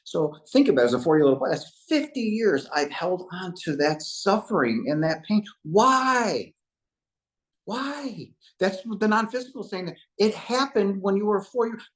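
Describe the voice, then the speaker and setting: A man's voice: high-pitched, expressive, moderate pace. A man in his fifties, a podcast guest, giving an emotional spiritual testimony and addressing listeners like a preacher. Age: 50s.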